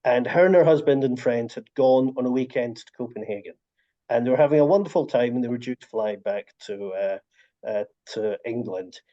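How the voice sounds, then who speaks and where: A man's voice: medium pitch, a little fast. A man telling stories in a casual video call chat, with many restarts. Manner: warm storytelling, frequent restarts. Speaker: author and story collector. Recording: dull lo-fi video call audio.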